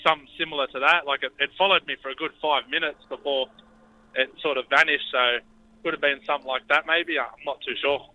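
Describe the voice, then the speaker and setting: A man's voice: fairly high pitch, steady tone, fast, highs cut off. An Australian man calling in to a radio show, telling a story in a laid-back, hesitant way. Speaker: caller. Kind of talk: phone-in story.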